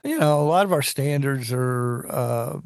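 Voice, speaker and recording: A man's voice: medium pitch, lively intonation, unhurried, darkish tone, no room sound, studio quality. A man in casual technical conversation, rambling and restarting his sentences as he explains engineering ideas.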